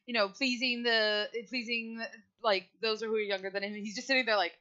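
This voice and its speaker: A woman's voice: a little high, fairly even intonation, fairly quick, sharp tone. Woman player narrating her char, super casual, lots of likes, muffled lo-fi audio. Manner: casual, laughs easily, lots of "like". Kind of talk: narrating her character in a tabletop game.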